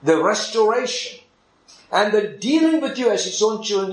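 A man preaching a sermon as a pastor, in animated delivery that swings from loud, soaring climbs to near-whispers, with non-native English grammar as he acts out conversations. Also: sits high, moderate pace, echoey room, rough recording.

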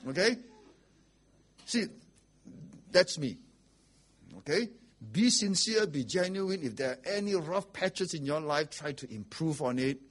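A man's voice: fairly high pitch, expressive, measured pace, pauses often. A man preaching a sermon as pastor, blunt and rhetorical, often asking "okay?" and "right?".

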